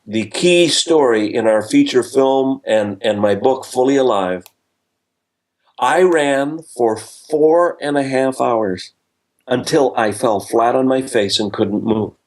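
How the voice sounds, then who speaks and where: An older man, a guest speaker in a podcast interview, telling stories with humor and acting out lively quotes. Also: medium pitch, takes it slowly. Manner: storytelling with lively voiced quotes; self-deprecating humor.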